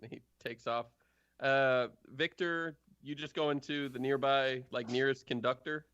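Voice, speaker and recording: A man in the game master's seat, talking in a loose, chatty way with plenty of fillers. His voice sits at an ordinary middle pitch. The sound is dry and a bit dull, like lo-fi stream audio. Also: fairly even intonation, measured pace, fairly bright tone, clear, resonant tone, no room sound. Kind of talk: running a tabletop game on a live stream.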